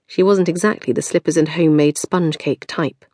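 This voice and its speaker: A woman's voice: sits low, normal speed, no room sound. A woman narrating a novel as an audiobook reader, telling the story expressively in a recording studio. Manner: expressive storytelling, varied intonation.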